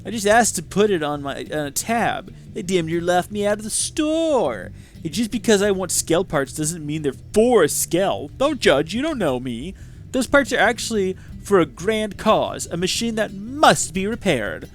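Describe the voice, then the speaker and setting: A man's voice: very high-pitched, very slow, long pauses, pushed and bright, faint music behind, voice pushed up, exaggerated voice. A man voicing a greedy, scheming male tinkerer who boasts of riches, smarmy with a drifting southern twang.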